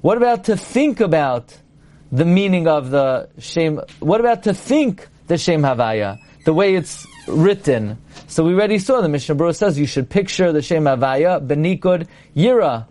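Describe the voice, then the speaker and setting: Male rabbi lecturer, slightly high voice, explanatory Torah-class delivery. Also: very animated, moderate pace, warm tone. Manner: explanatory, reads Hebrew text then translates, frequent restarts. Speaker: rabbi teaching halacha.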